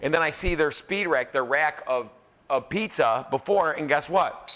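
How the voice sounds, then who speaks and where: A man's voice: fairly high pitch, moderate pace, a bit bright, slight background noise. A man in his forties hosts a live cooking demo, joking and teasing the audience between tips. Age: 40s. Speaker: celebrity chef host. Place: pizza academy kitchen before a live audience.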